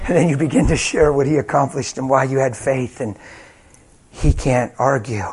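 A man's voice: medium pitch, fairly even intonation, normal speed, a little mellow. A man preaching a sermon, telling personal stories in a conversational way with frequent laughter, then leading a healing prayer. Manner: conversational storytelling, laughs often.

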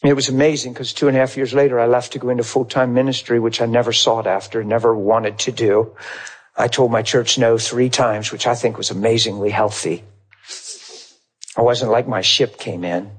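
Husky man telling a sermon story. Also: mid-range voice, moderate pace. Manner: animated storyteller acting out both sides of a conversation, laughing often. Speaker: pastor.

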